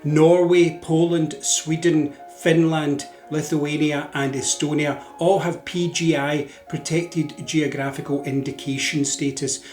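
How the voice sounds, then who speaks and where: A man presenting a narrated educational talk in a measured, informative way, with occasional fillers. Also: on the high side, a little mellow. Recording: roomy echo with faint music.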